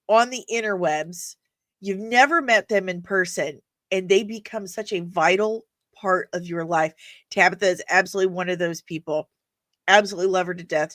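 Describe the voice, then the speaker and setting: A woman hosting a casual live stream of nerd news, chatting with the audience in an animated way and laughing often. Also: on the low side, dry recording.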